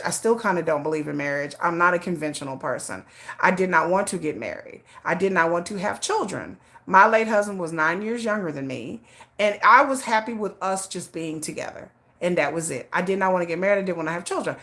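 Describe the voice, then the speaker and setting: A middle-aged woman hosting a livestream, telling a story in blunt, laughing, animated casual chat. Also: medium pitch. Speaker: livestream host.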